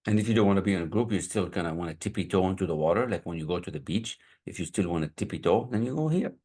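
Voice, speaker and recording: A man speaking as a business coach, pitching his mentorship in a casual, rambling way and sometimes searching for words. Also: animated, rapid-fire, warm tone, slightly rough. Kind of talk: sales pitch to viewers.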